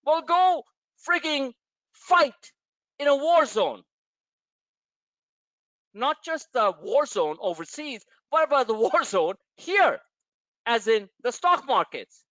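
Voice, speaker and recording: This man runs a live stock-trading webinar, delivering a blunt, emotional motivational rant with some swearing. He's very animated in a very high, slightly bright voice, yet speaks slowly with long pauses. The webinar audio is dull, dry and lo-fi, with no echo.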